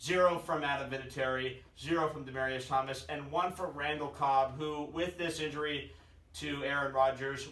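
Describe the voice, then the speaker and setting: A man with a somewhat high voice jokes his way through fantasy football rankings, tossing out puns and teasing his friends as "guys." He sounds a little away from the mic, and the room echoes noticeably. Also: bright, forceful tone, recorded from a distance. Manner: jokey, pun-loving, keeps addressing his friends as "guys". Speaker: fantasy football league member ranking teams. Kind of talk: casual comedic commentary to camera.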